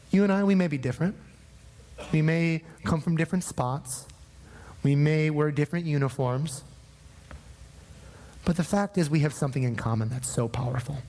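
A man's voice: a little high, long reverb tail. A man from northern Minnesota preaching a sermon, telling a personal story with acted-out dialogue. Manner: animated storytelling, acting out dialogue. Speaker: pastor.

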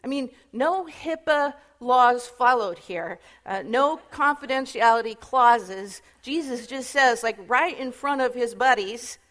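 Bright-voiced woman telling Bible stories casually. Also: fairly high pitch, unhurried, hardly any pauses. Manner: chatty, filler-heavy, animated retelling. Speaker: Bible teacher. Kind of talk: casual sermon storytelling.

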